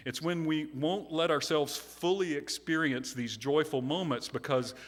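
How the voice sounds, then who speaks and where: A man's voice: on the high side, unhurried. Man preaching in an echoing church. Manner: earnest storytelling with self-deprecating humor. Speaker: minister. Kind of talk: sermon. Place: large church sanctuary. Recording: long hall reverb.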